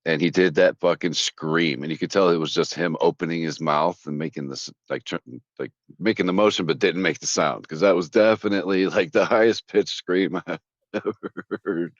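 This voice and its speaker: A man's voice: low voice, normal speed, no room sound. A man chatting casually on a stream, laughing often and bantering with friends. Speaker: stream guest. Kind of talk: casual chat. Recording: dull lo-fi dry mic.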